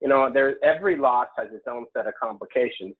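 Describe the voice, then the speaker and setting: A man's voice: mid-range voice, fast talker, husky. A man co-hosting a webinar, asking questions conversationally and searching for his words. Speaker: co-host. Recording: tinny phone line.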